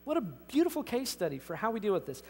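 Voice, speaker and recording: A man's voice: high-pitched, big pitch swings, fast talker. A man preaching a sermon as pastor, emphatic and conversational, often restarting his sentences. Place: church sanctuary. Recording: reverberant church hall.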